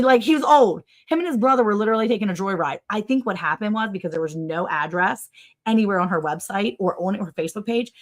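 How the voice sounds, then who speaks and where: A woman with a mid-range voice hosts a casual livestream and tells a story to her viewers. She is animated and sarcastic, her pitch leaping up and down, and she scatters "like" through her sentences. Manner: chatty, with many "like" fillers. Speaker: livestream host.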